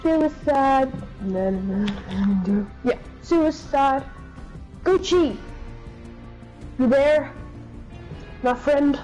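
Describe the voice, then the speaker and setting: An Irish woman streaming a game, chatting casually with a teammate, loud and swearing as she calls out to him. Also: high voice, very slow, pauses often, poor audio. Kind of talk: casual gaming chat. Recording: music playing behind voice.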